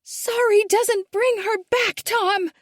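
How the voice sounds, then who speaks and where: A woman's voice: steady tone, slow pace, dry recording, studio quality. A woman voicing a distraught teenage girl on a cliff edge, sobbing and accusing. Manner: sobbing, accusing, high and strained.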